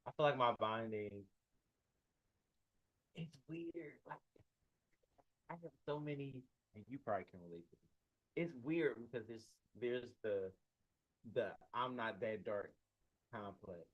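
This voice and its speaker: A man in a casual group conversation, talking in a halting, reflective way and often restarting his thoughts. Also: medium pitch, lo-fi sound. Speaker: performer, podcast co-host.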